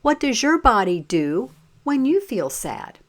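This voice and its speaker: A woman reading a children's picture book aloud as a teacher, pausing to ask the listeners simple questions. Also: a little high, big pitch swings. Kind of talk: slow read-aloud storytime with questions.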